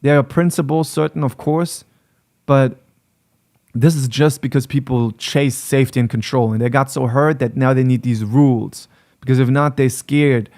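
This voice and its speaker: A man's voice: mid-range voice, steady tone, normal speed, a little mellow. A man giving blunt advice on relationships straight to camera as a coach, lecturing and repeating his points for emphasis. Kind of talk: direct-to-camera advice talk.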